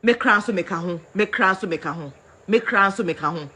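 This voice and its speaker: A woman's voice: mid-range voice, a little fast, sharp tone, husky. A Ghanaian woman in a heated rant, scolding and repeating herself as she switches between English and Twi. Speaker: vlogger.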